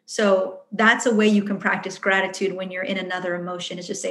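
A woman leading a wellness workshop and answering questions in a chatty, earnest way. She acts out her inner voice as she speaks. Her voice sits at a middle pitch and rings in a roomy space. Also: flat delivery, brisk, a bit bright. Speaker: workshop facilitator. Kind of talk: answering audience questions at a live event. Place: event room.

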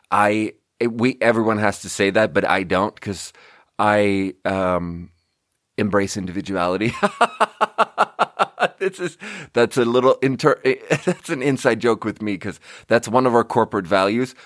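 A man with a lowish voice hosts a podcast, rambling casually, swearing often and laughing at his own jokes. He's recorded dry on a close studio mic, with studio quality.

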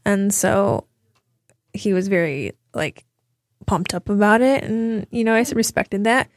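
A woman's voice: mid-range voice, a little slow, no echo, studio quality. A woman co-hosting a podcast in casual chat, telling stories and acting out what people said. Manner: storytelling, acting out quoted exchanges. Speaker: podcast co-host.

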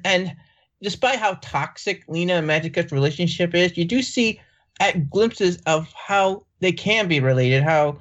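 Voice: medium pitch, lo-fi sound. A co-host in a casual cartoon review chat, rambling with many "like"s and "um"s. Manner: rambling, lots of "like" and "um". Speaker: podcast co-host.

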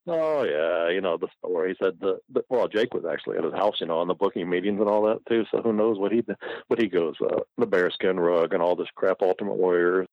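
Gravelly low-voiced man telling stories. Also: quick pace, no room sound. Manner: rambling, profane, laughing often. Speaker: guest storyteller. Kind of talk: casual storytelling. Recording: muffled lo-fi recording.

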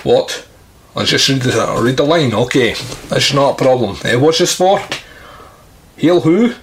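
A man doing a crude comic impression of a famous actor, gruff and grumbling. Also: medium pitch, expressive, a little slow, a little hiss or hum, natural voice. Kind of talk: comedy sketch impression.

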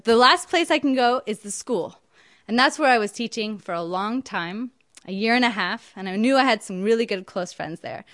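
A young woman telling a personal story in an emphatic, indignant, animated way. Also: mid-range voice, no echo, clean studio sound.

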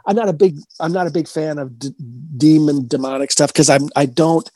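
A man, a paranormal investigator, telling a long story in a casual interview, rambling and halting with many restarts. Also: a little high, warm tone, no echo, faint music behind.

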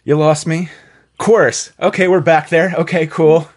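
A man hosting a podcast in casual chat, animated and laughing, swearing freely. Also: fairly high pitch, a little slow. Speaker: podcast host.

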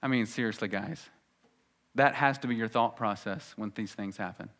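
A male pastor preaching a sermon, swinging between loud emphasis and quiet asides. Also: fairly low pitch, normal speed.

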